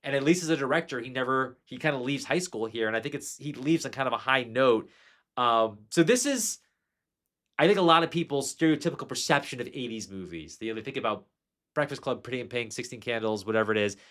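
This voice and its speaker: A man of ordinary pitch chats about movies as a podcast host. He talks with eager enthusiasm, circling back on himself with fillers and restarts, and sounds relaxed. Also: fast talker. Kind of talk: casual film discussion.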